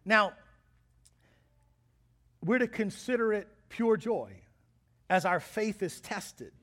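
Brief: man, high voice, pastor giving a sermon, animated and playful, acts out quotes. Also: takes it slowly. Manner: lively, joking preacher who acts out quotes.

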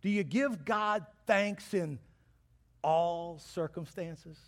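High-voiced lively man preaching. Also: slow. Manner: lively, joking preacher who acts out quotes. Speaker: pastor. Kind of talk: sermon.

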